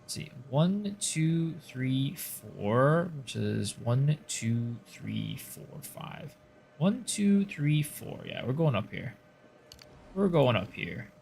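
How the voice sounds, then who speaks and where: A man's voice: mid-range voice, very animated, takes it slowly, vocal fry, darkish tone. A man streaming a game, casually commenting, joking and answering his viewers as he plays.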